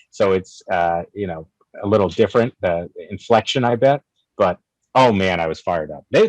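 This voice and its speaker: A young man telling a story in casual chat, animated and profane, acting out both sides of an argument. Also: lowish voice, no echo, low-quality recording. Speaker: guest, cigar company figure.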